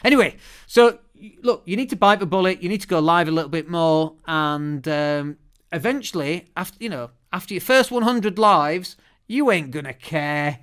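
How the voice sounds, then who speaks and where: British male podcast host, fairly high, smooth resonant voice, lively chatty delivery, studio mic. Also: normal speed. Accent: British English. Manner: chatty, lively, often restarts words. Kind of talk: solo podcast monologue. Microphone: studio microphone.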